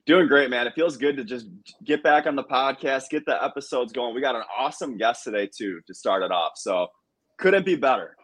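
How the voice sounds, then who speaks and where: A man co-hosting a podcast, giving short, relaxed replies in casual chat. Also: mid-range voice, fairly quick, dry recording. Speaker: podcast co-host.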